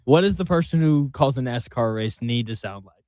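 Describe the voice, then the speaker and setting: A man hosting a sports radio show in casual, joking banter, laughing often and tossing in quick asides. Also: medium pitch, lively intonation, a little mellow, no room sound. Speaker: radio sports talk host.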